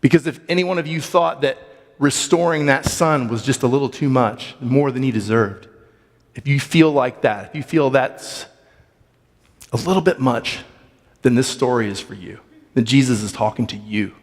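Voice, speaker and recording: A man's voice: mid-range voice, moderate pace, in a large hall. A man preaching a sermon, earnest and questioning, often restarting his phrases as he reads and reflects on a Bible story. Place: church sanctuary.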